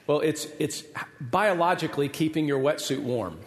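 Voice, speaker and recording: A man in his forties preaches from the pulpit, telling a story with a humorous, self-deprecating touch. His voice sits a little high for a man. The sound rings through a large hall with long reverb. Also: moderate pace. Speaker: pastor. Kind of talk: sermon with a personal story.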